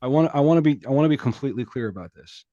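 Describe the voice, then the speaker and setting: A man co-hosting a comedy podcast, talking in a halting, mock-serious way with lots of restarts. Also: medium pitch, animated, mellow, no room sound, muffled recording. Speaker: podcast co-host. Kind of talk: casual comedic banter.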